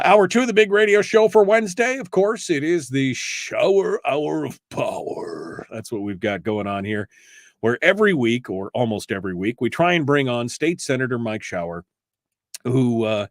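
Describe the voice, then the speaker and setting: A man's voice: fairly low pitch, no echo, studio quality. A man hosting a casual political talk radio show, chatty and joking, with many fillers and restarts. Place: radio studio.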